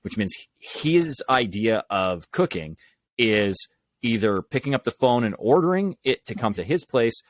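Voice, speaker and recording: A man being interviewed on a podcast tells animated stories with quick asides. His voice sits at a middle pitch. The sound is dry and close, with little room in it. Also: no room sound. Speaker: podcast guest, public speaking coach. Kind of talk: conversational storytelling.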